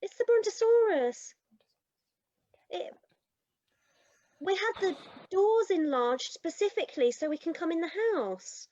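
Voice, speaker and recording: A woman's voice: very high voice, animated, unhurried, pauses often, darkish tone, dull audio. A woman playing a defensive, matter-of-fact wife. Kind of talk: live improv comedy. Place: live stage show.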